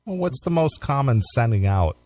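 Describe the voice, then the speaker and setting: A man's voice: mid-range voice, very animated, moderate pace, a little mellow, soft background music. A man co-hosting a talk radio show, reading news stories aloud and dropping sarcastic asides between laughs. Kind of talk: casual talk radio banter.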